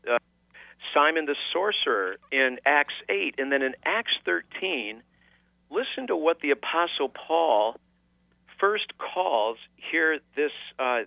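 A man's voice: fairly high pitch, gravelly. A wry man debating on the radio, reading scripture aloud at length. His voice comes through a thin, phone-like line. The sound is dry, with no room echo. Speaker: radio host. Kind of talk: debate on a call-in radio show.

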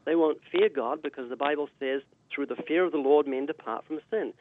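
A man's voice: on the high side, fairly quick, a little hiss or hum. Preaching New Zealand man on a phone line. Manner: emphatic, sermon-like delivery. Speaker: guest evangelist. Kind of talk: preaching on a radio call-in show. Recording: tinny dry phone line.

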